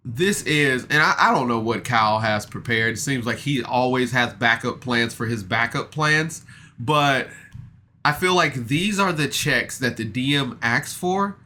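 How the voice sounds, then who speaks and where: A man's voice: medium pitch, unhurried, pushed and bright, slight background noise. A man recapping a podcast episode in a casual, rambling way, self-deprecating and full of fillers and restarts. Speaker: podcast reviewer.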